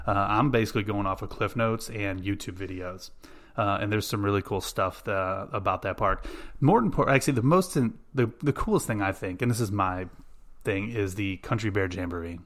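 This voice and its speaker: Guy hosting a podcast, kinda low voice, excited and rambly. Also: a little fast. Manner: enthusiastic, rambling with fillers. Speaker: podcast host. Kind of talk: casual chat.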